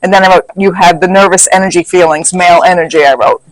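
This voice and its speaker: A man's voice: high-pitched, fairly even intonation, quick pace, no room sound, low-quality recording. A man casually recapping a paranormal investigation, reading back notes and quoting what others said.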